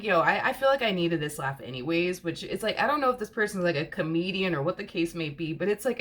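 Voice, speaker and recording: A woman's voice: fairly low pitch, fairly bright tone. A woman giving a casual tarot reading. She is chatty and giggly, and she repeats her words often. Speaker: tarot card reader.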